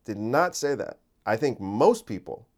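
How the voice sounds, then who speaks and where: A man's voice: mid-range voice, lively intonation, unhurried. A man hosting a podcast, talking casually and incredulously, full of restarts and rhetorical questions. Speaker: podcast host.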